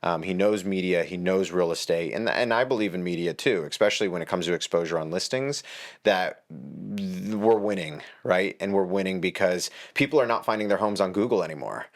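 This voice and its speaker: A man with a deep, low voice talks as a guest on a podcast. He is a real estate agent and sounds confident and upbeat as he makes his points. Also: a little fast. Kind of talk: podcast interview.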